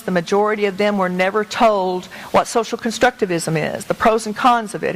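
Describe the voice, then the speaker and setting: A woman's voice: medium pitch, low-quality recording. Earnest woman guest speaker. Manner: earnest, emphatic, conversational. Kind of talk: public talk to a meeting with slides.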